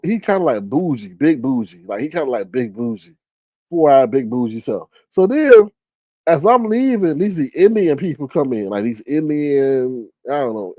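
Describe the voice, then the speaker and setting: Animated man with a mellow voice. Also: dry recording. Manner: animated, profane, gossipy, with big pitch jumps when quoting. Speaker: livestream host. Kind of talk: casual livestream chat and storytelling.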